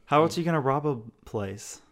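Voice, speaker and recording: A man's voice: fairly high pitch, expressive, fairly quick. A young man co-hosting a podcast, casually recapping a TV episode with dry, easygoing remarks. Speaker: podcast co-host.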